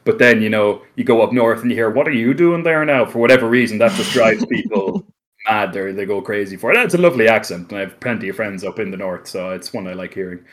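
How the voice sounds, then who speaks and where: A man with a soft, light Irish accent from Carlow chats at an easy pace as a podcast guest. His voice sits a bit low, and he rambles comfortably, filling gaps with ums and likes. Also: fast talker. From Ireland. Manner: relaxed, rambling, many fillers and restarts. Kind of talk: casual conversation.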